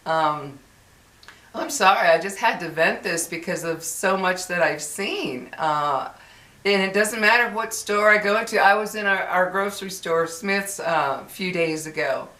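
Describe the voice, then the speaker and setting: A woman's voice: on the low side, measured pace, bright, forceful tone, reverberant. A woman vlogger venting in a casual, exasperated monologue full of fillers and restarts.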